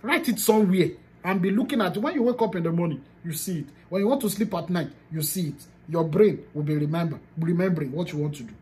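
Talking fast with few pauses, a Nigerian business coach gives a motivational teaching session to her team in a lowish, darkish voice. Her delivery is emphatic, key phrases get repeated for force, and pidgin surfaces now and then.

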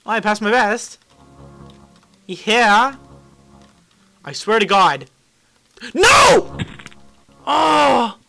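A young man commentating his own gameplay, swinging between mutters and frustrated yells, swearing at the game. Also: sits high, expressive, takes it slowly, pauses often, music in the background. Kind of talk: let's play commentary.

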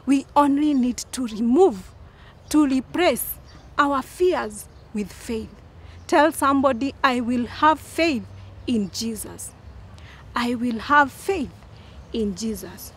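A woman giving a children's sermon as a Sunday school teacher, slow and emphatic, repeating lines for the children to echo. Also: high-pitched, slightly rough.

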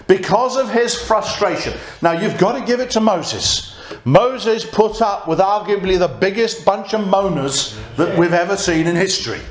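A man preaching a conversational sermon and reading scripture aloud. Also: high-pitched. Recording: echoey church room.

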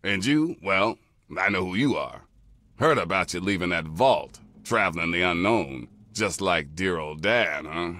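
Three Dog, a brash wasteland radio DJ. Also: male voice, deep voice, animated, unhurried, sharp tone, full character voice. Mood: boastful. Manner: showy, self-promoting patter.

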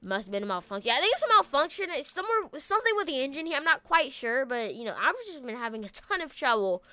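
A woman hosting a gaming channel, chatting casually and excitably through a roleplay, stammering and slangy when alarmed. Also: sits high, fast talker, no room sound. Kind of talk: casual roleplay commentary over gameplay.

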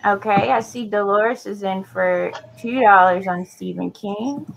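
A woman co-hosts a casual live sale, talking in a relaxed, chatty way. She slips jokes and asides in between describing items. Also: medium pitch, a little slow, creaky, a little hiss or hum, rough recording. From Louisiana. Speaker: co-host selling items.

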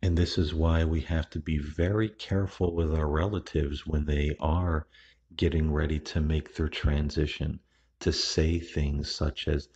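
A man hosts a podcast in a very deep voice that is husky and rough. He talks in a relaxed, unhurried monologue and often restarts his sentences. The recording sounds somewhat muffled and lo-fi. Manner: unhurried, with frequent restarts and fillers. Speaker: podcast host. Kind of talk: casual spoken monologue. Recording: dull, lo-fi recording.

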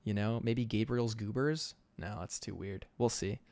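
A man's voice: lowish voice, unhurried, gravelly, a little mellow, no room sound. A man chatting casually on an art livestream, upbeat and chatty, laughing often. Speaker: concept artist streamer.

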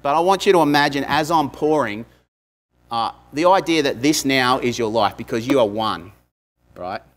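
A man's voice: mid-range voice, normal speed. A man, a pastor, giving a conversational sermon, with frequent asides to the congregation.

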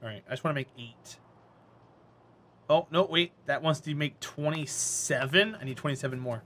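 A man's voice: a little high, normal speed, fairly bright tone, a little hiss or hum. A man with a North Carolina Southern accent, chatting and teasing viewers playfully while live-streaming a game. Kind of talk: live-streamed gameplay chat.

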